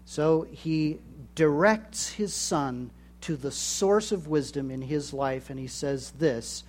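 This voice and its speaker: A man delivers a sermon at an unhurried pace. His voice sits a little high, and he acts out the voices he quotes as he preaches. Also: darkish tone. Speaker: pastor.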